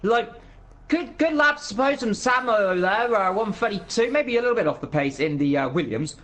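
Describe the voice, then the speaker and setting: A man's voice: high voice, expressive, normal speed, a bit bright. A man giving live commentary on an esports racing event, walking through the track with playful energy.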